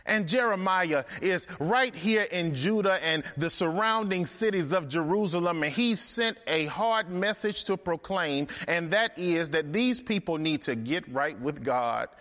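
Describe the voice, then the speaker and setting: A man's voice: high voice, lively intonation, a little slow, hardly any pauses, a bit bright, long reverb tail. A man preaching a sermon, emphatic and rhythmic, repeating phrases for effect.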